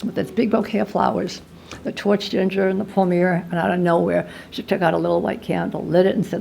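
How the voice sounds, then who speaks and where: A woman's voice: lowish voice, flat delivery, a little fast, gravelly, a little mellow, slight background noise. A woman speaking at a recovery meeting, telling her story in a wry, candid way. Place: meeting hall.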